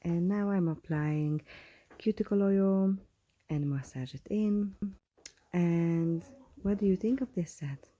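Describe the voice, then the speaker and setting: A woman, a nail technician, chatting to viewers in a casual tutorial voice-over, often dropping into soft whispered asides. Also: lowish voice, slow pace, no echo, muffled recording. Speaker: nail technician, channel host. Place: at home.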